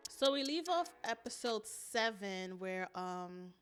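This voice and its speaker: A woman co-hosting a casual recap podcast, chatty and wry with quick laughs. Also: medium pitch, animated, loud music behind the voice. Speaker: podcast co-host.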